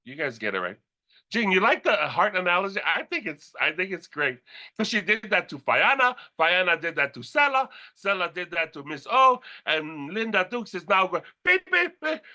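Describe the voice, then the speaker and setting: A man with a notably high-pitched voice delivers an energetic motivational speech from a stage. His tone is bright and forceful, and his delivery is animated and playful. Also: normal speed. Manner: animated, playful, breaks into sound effects and laughter. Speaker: company leader presenting new executives.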